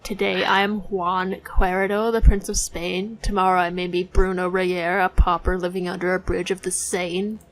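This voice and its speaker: A woman voicing a smooth, evasive male detective in disguise in a game, speaking in a suave, theatrical way. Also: on the low side, little pitch movement, normal speed, hardly any pauses, close to an everyday voice, low-quality recording. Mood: philosophical. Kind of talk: voicing a visual novel let's play.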